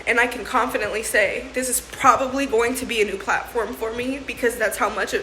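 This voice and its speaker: Fairly high-pitched and sharp, this young vlogger speaks fairly quickly with fairly even intonation, chatting casually with viewers while laughing through tears. She uses slang like "bro" and "sis" often, in an echoey room with faint ambience and slight hiss or hum.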